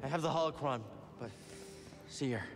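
A man's voice: mid-range voice, moderate pace, close to an everyday voice. An actor playing a young male Jedi fugitive in a video game. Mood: grieving. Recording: game audio with loud music.

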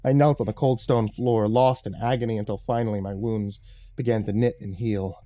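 Dark, mellow male horror narrator. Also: on the low side, steady tone, moderate pace, no echo, clean studio sound. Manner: dramatic first-person telling.

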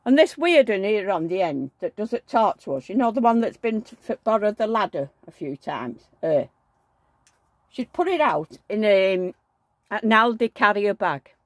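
This woman, a vlogger who collects dolls, talks frankly while working, addressing her dolls with affection and complaining about the people next door. Her mid-range voice moves through big pitch swings at a moderate pace, and the recording has no room sound.

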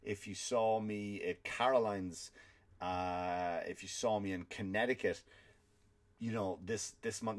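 A man with an Irish accent, a comedian hosting a podcast, telling stories in an animated, swear-filled rant. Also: fairly low pitch. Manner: animated storytelling with frequent swearing. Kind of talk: ranting comedic monologue.

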